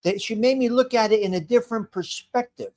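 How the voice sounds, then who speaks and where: A man in his fifties hosts a casual home live stream, naming viewers as he greets them and rambling with restarted sentences. His voice sits high and is a little mellow, and he talks briskly.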